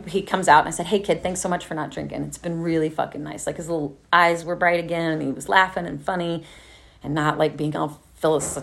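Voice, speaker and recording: A woman, telling a candid, profane story of her own recovery to a group. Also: low voice. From Texas. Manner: candid, profane, laughing often, acting out the quoted voices. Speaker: speaker sharing a recovery story.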